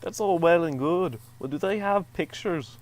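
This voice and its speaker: A man reading out a game's lines in a dry, mock-wounded way. His voice sits a little high, with faint hiss in the background. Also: normal speed, low-quality recording. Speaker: let's play co-host. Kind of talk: reading game dialogue aloud.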